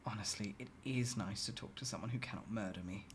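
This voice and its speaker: A streamer reading a story game aloud and reacting with loud, swearing outbursts. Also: low voice, quick pace, slight background noise.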